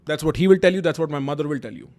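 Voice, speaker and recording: Rapid-fire and rather high-pitched with a darkish tone, a young Indian English-accented YouTube host recounts personal stories to camera. He's blunt and emphatic, peppering his speech with Hindi slang and kinship words.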